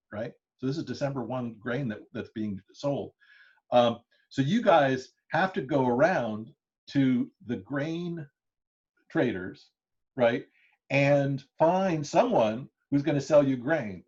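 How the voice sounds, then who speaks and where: A man's voice: medium pitch, a little mellow. A man giving an interactive classroom lecture, talking loosely with many fillers and restarts, often chuckling. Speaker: history lecturer. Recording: dull lo-fi lecture recording.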